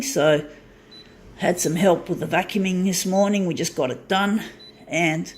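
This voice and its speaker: A woman's voice: fairly low pitch, a little hiss or hum. Swearing woman ranting at home. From southern hemisphere. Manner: swearing, frustrated ranting with frequent restarts. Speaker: vlogger. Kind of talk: casual ranting monologue. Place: small home unit.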